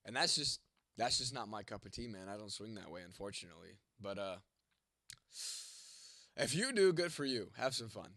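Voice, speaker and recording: Young man, congested, hoarse, cursing, bright voice, dry close sound. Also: fairly low pitch, expressive, moderate pace, pauses often, dry recording. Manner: profane, blunt, joking with viewers. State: congested, voice going, coughing. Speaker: livestream host reading chat. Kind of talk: casual livestream chat.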